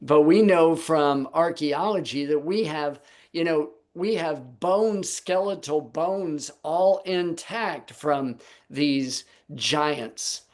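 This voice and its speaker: A man's voice: on the high side, takes it slowly. A man teaching the Bible on a Sabbath video call, posing rhetorical questions to his listeners.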